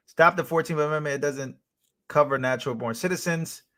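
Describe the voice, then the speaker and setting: A man's voice: fairly high pitch, a little fast, a bit bright. A young man hosting a live stream, chatting casually, reading out chat messages and thanking donors.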